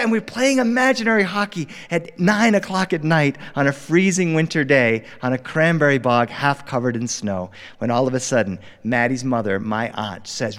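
A middle-aged man from Delaware telling a story live to a studio audience, animated and playful. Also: sits high, moderate pace, few pauses. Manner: animated, warm, playful, acting out characters. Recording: long reverb in a studio hall.

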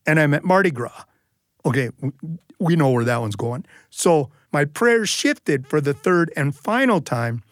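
A man's voice: fairly high pitch, no room sound, studio quality. A man telling a humorous personal story as a storyteller, acting out the voices of people in it. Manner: humorous, animated delivery with acted-out quotes. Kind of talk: live storytelling performance.

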